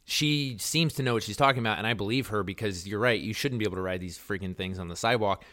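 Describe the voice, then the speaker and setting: A man's voice: fairly low pitch, fast talker, bright, forceful tone. A young man co-hosting a podcast, telling a story in a laid-back, slangy way. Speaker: podcast co-host. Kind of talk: casual chat storytelling. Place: Los Angeles.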